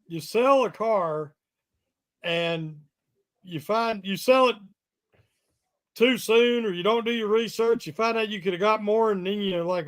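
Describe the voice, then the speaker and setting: A man with an unusually high voice gives his take on a sports podcast. He talks in a measured, halting way, padding his thoughts with fillers. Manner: measured, hesitant, with many fillers. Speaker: podcast co-host. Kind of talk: casual sports debate.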